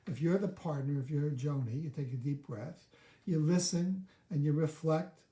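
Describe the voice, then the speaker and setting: A man's voice: on the high side, moderate pace, mellow, echoey room. A man coaching on a live video, walking through steps one by one and acting out sample lines of dialogue. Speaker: relationship coach.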